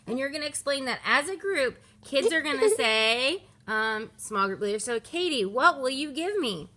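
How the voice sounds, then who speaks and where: Brief: woman in her 30s, bright, slightly high voice, chatty children's ministry leader explaining a lesson at home, faint background noise. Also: lively intonation, moderate pace. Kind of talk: recorded lesson walkthrough.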